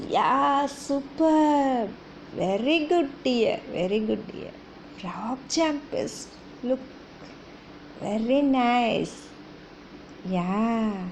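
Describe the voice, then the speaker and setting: A woman teaches little ones animal sounds in a very slow, coaxing sing-song. Her voice sits high and swoops widely as she asks questions and imitates the animals. A faint hiss runs under the recording. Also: expressive, a little mellow. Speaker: kindergarten teacher.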